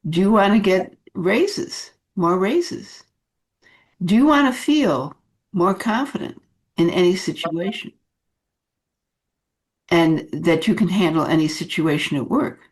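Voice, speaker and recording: Slow, lively woman leadership coach. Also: on the low side. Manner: unhurried, animated, many fillers. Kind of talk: coaching talk to camera.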